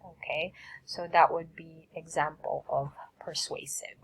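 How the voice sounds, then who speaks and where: A woman's voice: low voice, fairly even intonation, a little slow, breathy edge, rough recording. A woman teacher giving a recorded lesson, patiently saying words and asking students to repeat them.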